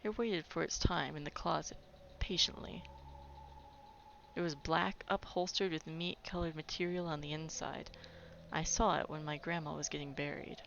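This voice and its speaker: Woman gamer, deep voice with fry, reads story text, playful asides, dull sound, game music behind. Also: steady tone, normal speed, a bit bright, a little hiss or hum. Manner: playful, chatty, wanders off on asides. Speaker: let's play gamer. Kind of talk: reading game text aloud with casual commentary.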